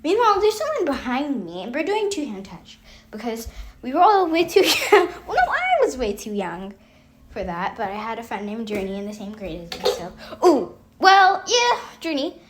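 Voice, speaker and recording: A woman's voice: a little high, wildly swooping pitch, moderate pace. A young woman telling a rambling storytime, with lots of fillers and frequent laughs. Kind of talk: casual storytime vlog.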